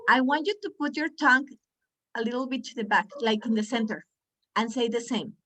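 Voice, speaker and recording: Lively woman coaching pronunciation, slightly high voice. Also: a little fast. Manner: animated, coaxing, repeats words for the group. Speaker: pronunciation trainer for teachers. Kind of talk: lively online teaching workshop.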